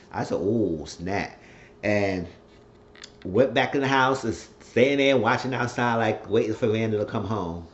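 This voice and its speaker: Profane, excitable man recapping a show. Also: on the low side. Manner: retells scenes in quotes, profane asides, excitable. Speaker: TV episode recapper. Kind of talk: casual TV episode recap. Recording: dull lo-fi recording.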